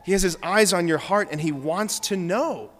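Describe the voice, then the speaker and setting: Male priest, fairly high voice, casual but earnest homily style, long church echo. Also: normal speed, fairly bright tone. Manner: conversational, earnest preaching with frequent "like". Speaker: Catholic priest. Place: large church.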